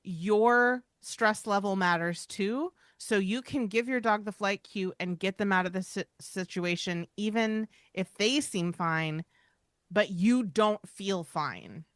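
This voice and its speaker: A woman's voice: medium pitch, slow pace, no room sound, studio quality. A woman co-hosting a podcast about dog training, talking in an emphatic, reassuring, chatty way. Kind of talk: casual podcast chat.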